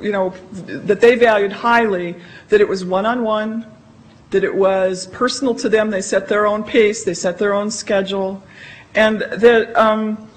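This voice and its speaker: A woman's voice: medium pitch, slight background noise, rough recording. Emphatic woman presenting to library staff. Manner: emphatic, conversational, acts out quoted remarks. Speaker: library consultant presenting research. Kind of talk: conference presentation.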